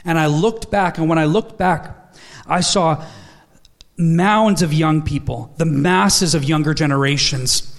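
Man, thirties, somewhat high voice, earnest storytelling preacher. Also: unhurried. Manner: storytelling, earnest, quotes dialogue in his stories. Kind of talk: sermon.

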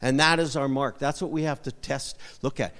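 A man's voice: medium pitch, steady tone, moderate pace, fairly bright tone, long reverb tail. A male pastor preaching a sermon, repeating short emphatic phrases and asking the congregation for amens.

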